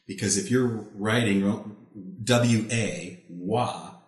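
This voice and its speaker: A man's voice: lowish voice, slow, reverberant. A man hosting a casual language lesson, explaining patiently with frequent restarts. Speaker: podcast host.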